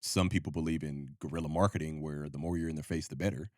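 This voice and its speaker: A man's voice: a bass voice, steady tone, fast talker, darkish tone, no echo, studio quality. A man co-hosting a podcast in casual chat, laid-back and slangy, chuckling often. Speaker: podcast co-host.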